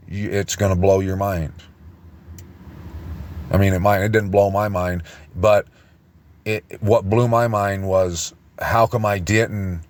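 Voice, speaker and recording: A man delivers a rambling online sermon, breaking off mid-phrase and starting over again and again. His voice sits low and he takes his time, moving slowly from one point to the next. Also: darkish tone. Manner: rambling, halting with many restarts. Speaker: preacher. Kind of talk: informal online teaching.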